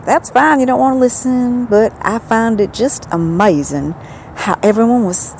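A woman's voice: mid-range voice, big pitch swings, takes it slowly, darkish tone, a little hiss or hum, rough recording. A woman hosting a podcast, talking in a chatty, wry and rambling way. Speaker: podcast host. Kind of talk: casual solo podcast chat.

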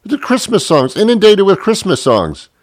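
A man's voice: high-pitched, sing-song, normal speed, dry recording, clean studio sound. A male radio host delivering a comic monologue, rambling and stammering and poking fun at himself. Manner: rambling, stammering, self-mocking. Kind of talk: comedic talk radio monologue.

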